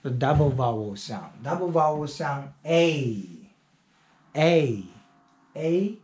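A man with Chinese as his first language teaching English pronunciation, repeating words one at a time with drawn-out fillers. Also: fairly high pitch, lively intonation, darkish tone, echoey room. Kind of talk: slow pronunciation drill lesson.

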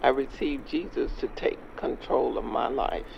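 In a music video skit, a man plays an earnest street preacher, solemnly guiding a young man through a prayer in a gravelly, medium-pitched voice with fairly even intonation at normal speed. It was recorded outdoors on a dull lo-fi track with faint noise.

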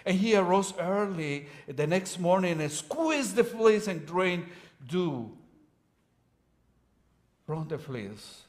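A man giving a sermon as guest preacher, his voice a little higher than most men's. He speaks slowly and deliberately and retells scripture in relaxed, modern phrasing. He chuckles now and then.

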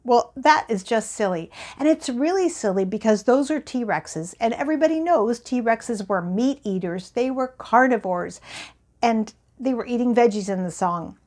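A woman hosting a children's bedtime song show, talking gently and playfully to young kids, with guitar behind her. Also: a little high, lively intonation, moderate pace. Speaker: children's singer and show host. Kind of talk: bedtime songs and chat for children.

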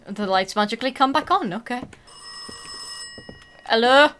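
A woman playing a horror game and commenting out loud, reading the text, swearing and reacting to scares. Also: a little high, expressive, measured pace, slight background noise. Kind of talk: let's-play commentary.

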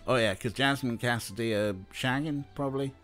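A man giving casual let's play commentary, wry and exasperated, swearing as he plays. His voice sits at a middle pitch, with faint music behind him. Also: fairly quick, fairly bright tone. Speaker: streamer playing a game.

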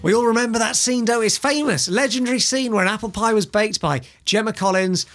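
A man's voice: high-pitched, a little fast. A man hosting a radio game show in a studio, teasing the players and counting down mock-solemnly. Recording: radio studio with background music.

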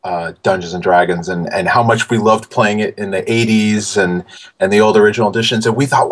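A man in his forties, a guest in a casual interview, telling animated stories with many fillers and restarts. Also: on the low side, fairly quick.

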